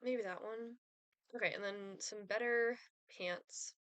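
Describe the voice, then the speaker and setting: A woman's voice: medium pitch, steady tone, takes it slowly, a bit bright, clear, resonant tone, dry recording. A young woman streaming a life-sim game, chatting casually with lots of fillers and giggles. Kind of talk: casual gameplay chat.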